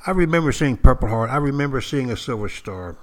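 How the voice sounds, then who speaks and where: An older former Marine tells a story in a folksy, unhurried way. He pauses for effect and speaks directly to his listeners in a middle-pitched voice. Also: lively intonation.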